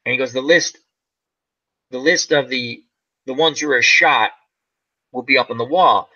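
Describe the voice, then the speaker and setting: A man's voice: medium pitch, a little slow, bright, forceful tone. A man hosting a casual chat, rambling through a movie plot and acting out its lines. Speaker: channel host. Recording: dull lo-fi sound.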